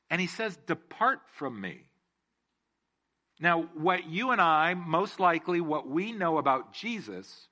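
A man's voice: a little high, sharp tone. A man preaching a casual sermon, joking and asking the room questions. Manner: jokey, asks the room questions. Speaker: pastor.

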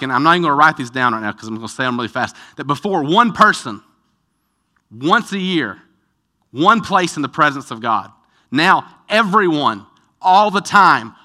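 A man's voice: medium pitch, pushed and bright. A man, a pastor, answering a congregation question in an earnest, emphatic sermon style. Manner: earnest, builds in energy, emphatic repetition. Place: church with live stream.

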